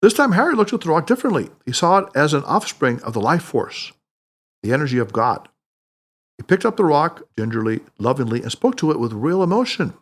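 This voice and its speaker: A man reads a story aloud in an expressive audiobook style, his voice a little high for a man. His pitch moves up and down animatedly from phrase to phrase. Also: fairly quick. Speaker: podcast host reading his book.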